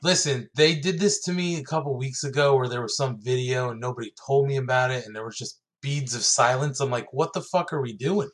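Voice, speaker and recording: A man co-hosting a podcast in casual chat, with quick banter full of laughs and swearing. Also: mid-range voice. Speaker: podcast co-host.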